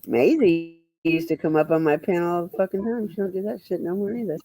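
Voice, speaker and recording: A man with a high-pitched, warm voice chats bluntly with viewers on a livestream, answering them casually. He's unhurried with lively intonation and pauses often, rambling and swearing freely. The recording is rough, though without echo.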